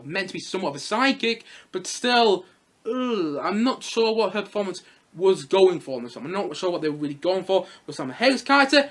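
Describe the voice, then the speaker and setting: A man's voice: high-pitched, a bit bright. A man giving a casual, chatty film review, often repeating himself. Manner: chatty, repeats himself, mocks in put-on voices.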